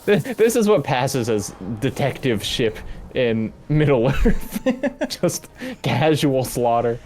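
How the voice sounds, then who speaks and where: A man's voice: medium pitch, expressive, slow pace, a little mellow, a little hiss or hum. A man casually chatting about video games as a guest, thinking aloud with many restarts. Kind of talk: casual gameplay commentary.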